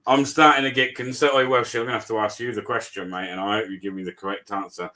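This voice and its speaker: A man's voice: fairly low pitch, steady tone, fast, bright, forceful tone. A British man in a heated casual debate, blunt and swearing, calling others "mate".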